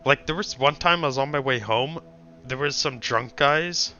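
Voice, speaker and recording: A man's voice: medium pitch, normal speed, pushed and bright, faint music behind. A young man streaming, telling a story in casual chat with blunt, profane ranting. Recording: dull lo-fi stream audio.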